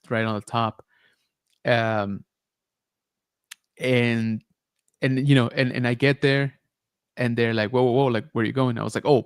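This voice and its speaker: A man hosting a podcast, telling a story in a casual, animated way with lots of filler words. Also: medium pitch, clear, resonant tone, dry recording, studio quality. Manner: animated retelling, many filler likes and rights. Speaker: podcast host.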